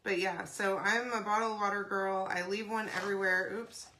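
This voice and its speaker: A chatty woman hosts a home craft video, rambling between steps and checking in with her viewers. Her voice is bright and forward, and she keeps clearing a dry throat. A faint hiss of noise sits under her speech. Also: mid-range voice, steady tone, moderate pace. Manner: chatty, rambling, says "y'all" and "okay?" often. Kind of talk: casual craft demo chat.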